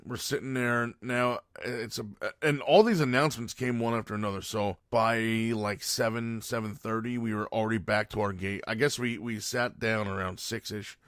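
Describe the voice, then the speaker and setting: A man's voice: mid-range voice, fairly even intonation, moderate pace, a bit bright, no echo, studio quality. A man hosting his own podcast, telling a long story in a loose, rambling way and correcting himself as he goes. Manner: rambling, loose, lots of fillers and self-corrections. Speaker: podcast host. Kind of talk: casual storytelling monologue.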